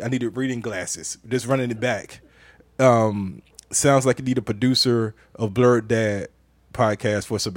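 A man's voice: medium pitch, no room sound. Man, podcast host, casual live chat, laughs a lot, repeats himself, dry close sound. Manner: laughing, playful, repeats phrases. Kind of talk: casual live-stream chat reading comments.

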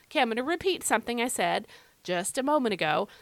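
Speaking quickly in a high voice with lively intonation and some vocal fry, a woman hosts a devotional Bible podcast. She addresses listeners directly and conversationally, stressing and repeating key phrases. There's no echo.

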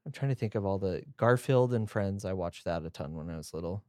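A man's voice: deep voice, animated, brisk, mellow, no room sound, clean studio sound. A man co-hosting a casual podcast chat, telling stories with eager energy. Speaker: podcast co-host.

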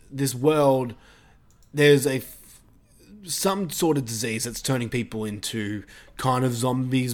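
Male podcast host, casual movie recap, rambling delivery. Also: medium pitch. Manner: rambling, full of fillers and restarts. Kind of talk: casual movie review chat.

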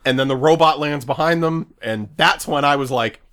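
A man's voice: on the high side, a bit bright. A man co-hosting a podcast, gushing enthusiastically about a movie in casual chat. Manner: enthusiastic, quick bursts of laughter. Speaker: podcast co-host.

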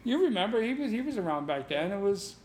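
A middle-aged man, a martial arts instructor telling stories on a podcast, animated and laughing, swearing casually. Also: high voice, fast talker, slight background noise. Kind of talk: casual storytelling.

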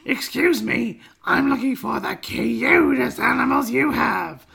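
A fussy cartoon mom, fretting over money in a squeaky, strained high voice, as a man puts her on. The falsetto sits far above his own gravelly register. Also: expressive, unhurried, sharp tone, exaggerated voice. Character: frazzled mother shopping on a tight budget, female.

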